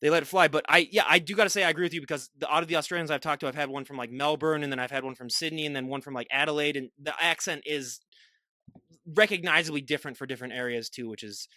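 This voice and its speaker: A man's voice: fairly high pitch, racing, sharp tone, no echo. A man hosting a podcast, asking long rambling questions and laughing easily. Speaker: podcast host. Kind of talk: casual interview.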